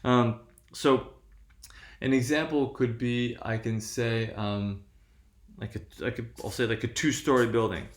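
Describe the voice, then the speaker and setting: A man's voice: medium pitch, steady tone, unhurried, reverberant. A male lecturer teaching a lesson, explaining step by step with frequent "right?" checks and self-corrections. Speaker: linguistics lecturer. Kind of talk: classroom lecture on stress patterns.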